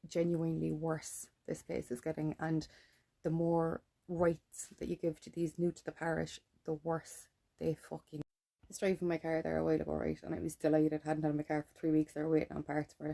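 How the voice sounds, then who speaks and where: A woman's voice: sits low, monotone, brisk, creaky, mellow. An Irish woman in a blunt, ranting monologue to camera, swearing freely and keeping adding "right?" as she tells her story. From Ireland. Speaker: vlogger.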